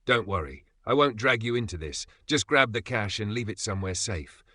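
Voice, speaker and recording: A man's voice: on the low side, animated, moderate pace, bright, forceful tone, dry recording, clean studio sound. A man voicing a defiant young fugitive on the run, with a clipped, brash delivery. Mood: urgent.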